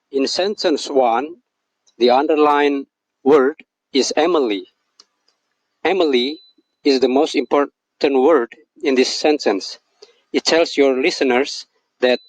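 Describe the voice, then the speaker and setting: A man narrating a scripted English lesson with a slow, deliberate and emphatic teaching delivery. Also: fairly high pitch, no echo, rough recording.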